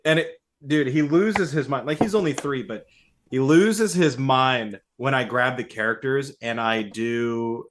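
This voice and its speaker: Man, podcast co-host, casual chat, mid-pitched voice, relaxed, jokey. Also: background noise. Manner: relaxed and joking, quick bursts of laughter.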